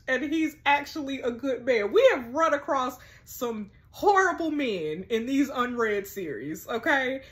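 Woman, young adult, gaming vlogger, chatty, exclaiming, slightly high voice. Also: animated, slow pace, few pauses, a bit bright. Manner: chatty, exclaiming, addresses viewers as "y'all". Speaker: gaming YouTuber. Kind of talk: casual game commentary, reading text messages aloud.

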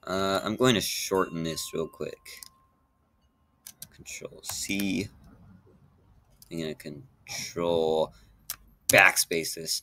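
A man's voice: low-pitched, animated, slow pace, vocal fry, long pauses, sharp tone. A man chatting in a rambling casual vlog, with many fillers and restarts. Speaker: YouTuber.

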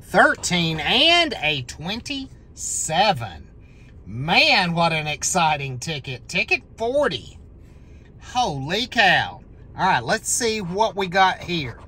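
Scratch-ticket vlogger, very slow and bright, lively pitch swings, number-calling with excited outbursts. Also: husky. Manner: counts numbers aloud, bursts into excited shouts at wins. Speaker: scratch-off lottery channel host.

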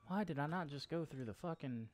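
A man's voice: fairly high pitch, animated, fairly quick. Joking male gamer talking to zombies. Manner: joking, talks to the game enemies, swears now and then. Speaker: gameplay streamer. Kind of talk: casual let's-play commentary. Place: home room.

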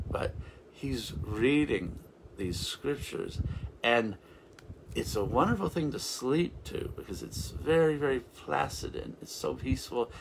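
A man's voice: on the low side, fairly bright tone, a little hiss or hum. A man giving an informal, rambling sermon as a revival minister, with frequent restarts and interjections of praise.

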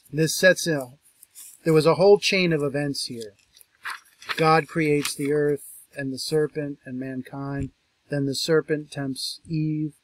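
A man lecturing on a scripture passage, reading verses aloud in a raised, slower voice and then explaining them casually, thinking aloud with restarts and asides. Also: medium pitch, dry recording. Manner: reads quoted verses louder and slower, then explains conversationally. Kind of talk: reading and commenting on a text.

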